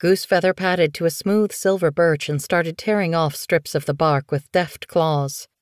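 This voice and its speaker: A woman narrating an audiobook in a steady, measured storytelling voice. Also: fairly low pitch, no echo, studio quality.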